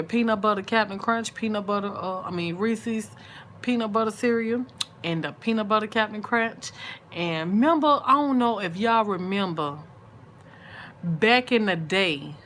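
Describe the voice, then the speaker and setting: A middle-aged woman, chatting with her viewers late at night in a sleepy, drawn-out, easygoing way. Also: medium pitch, expressive, slight background noise. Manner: chatty and drawn-out, soft and sleepy, murmured asides. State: sleepy, yawning. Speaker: vlogger on a late-night livestream.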